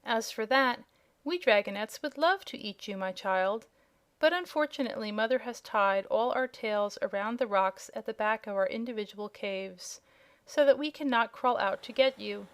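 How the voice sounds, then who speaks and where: A woman voicing a proud, hungry young dragonette who speaks politely and regretfully, in a clear, smooth voice. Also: on the high side, normal speed, natural voice. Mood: haughty polite. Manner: polite, regretful, slightly haughty. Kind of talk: audiobook character voice.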